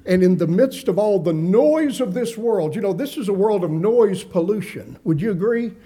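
A man preaching a sermon, earnestly asking his congregation questions, dropping softly on gentle phrases and rising for emphasis. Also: high-pitched, expressive, moderate pace, husky.

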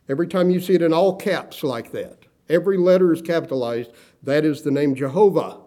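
A middle-aged man preaching a sermon, emphatic and slowing down to stress key words. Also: on the high side, dark tone. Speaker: pastor.

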